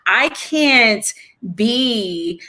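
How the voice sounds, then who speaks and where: A woman's voice: a little high, expressive, very slow, sharp tone. A woman who is a guest on a casual podcast chat, speaking candidly, with many restarts and fillers.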